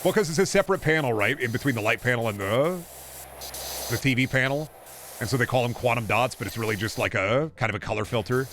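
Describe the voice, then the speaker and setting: A man's voice: mid-range voice, animated, fast, a bit bright. A man streaming a game, ranting casually in a rambling, sarcastic and profane way. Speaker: gaming streamer. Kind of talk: casual ranting chat while playing.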